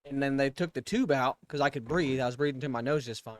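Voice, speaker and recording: A man's voice: mid-range voice, fast talker, no echo. A man casually recounting a hospital stay on a podcast, blunt and profane. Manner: blunt, profane, laughs along. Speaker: podcast co-host. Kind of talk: casual chat.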